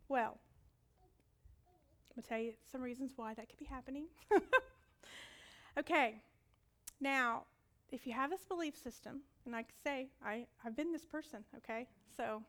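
A woman preaching a sermon, telling stories with acted-out voices and swinging from loud commands to whispered asides. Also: sits high.

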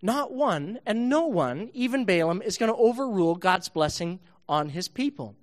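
A man, a pastor, telling a Bible story to children in a church service, playful and animated. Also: high voice, moderate pace.

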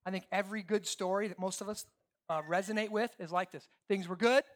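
Pastor, male, emphatic sermon delivery, dips to near-whispers and climbs to loud points. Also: high voice, fairly quick. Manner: animated, emphatic, shifts from hushed to loud.

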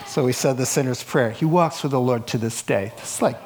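A pastor preaching a sermon, telling stories with acted-out voices and joking with laughs between lines. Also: male voice, mid-range voice, slight background noise. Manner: animated, acts out voices in his stories. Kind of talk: sermon with storytelling.

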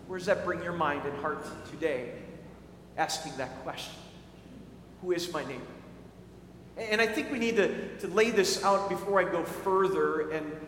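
A man's voice: high-pitched, fairly bright tone, slight background noise. A man preaching a sermon as a pastor, earnest and often repeating words as he starts a thought. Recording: echoey hall with faint ambience.

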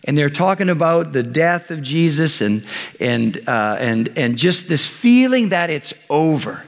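A man's voice: fairly high pitch, in a large hall. A man preaching a sermon as a pastor, telling a Bible story casually and acting out the characters' lines. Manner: conversational storytelling with lively voiced retellings.

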